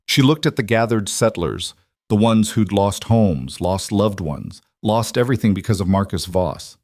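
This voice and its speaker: A man narrating a dramatic fantasy story in a steady, scripted storytelling read. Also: fairly low pitch, normal speed, dry recording, clean studio sound.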